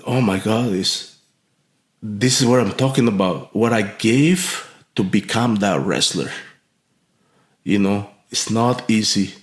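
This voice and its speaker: A man's voice: lowish voice, slow. A man from Mexico telling a heartfelt story as a podcast guest, earnest and full of restarts and fillers. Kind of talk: storytelling in an interview. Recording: echoey room.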